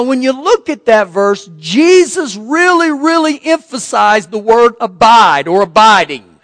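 A middle-aged pastor preaches in a folksy, joking manner, with a very high-pitched voice for a man. His voice sits dry and close on the mic, with a long hall reverb trailing behind it. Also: fairly bright tone. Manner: folksy, preaching with jokes and scripture reading. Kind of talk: sermon.

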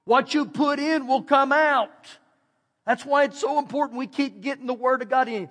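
A middle-aged man with a Texan accent, preaching a folksy, animated storytelling sermon and repeating phrases for emphasis. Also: very high voice, moderate pace. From Texas. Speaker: pastor. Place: church sanctuary. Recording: long hall reverb.

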